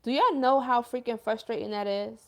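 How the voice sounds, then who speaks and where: Hosting a livestream as a self-described healer, a young woman chats earnestly and emotionally, full of slang like "yo" and "y'all," as she reads viewer comments out. Her voice is on the high side and a bit bright, at a moderate pace.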